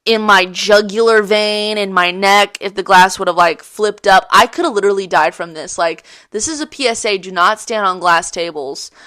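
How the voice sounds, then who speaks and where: A woman in her twenties from the Ozarks, telling a story in casual chat with swearing and acted-out shouts. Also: medium pitch, normal speed, few pauses. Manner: animated, swearing, acts out voices with shouts. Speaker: podcast host.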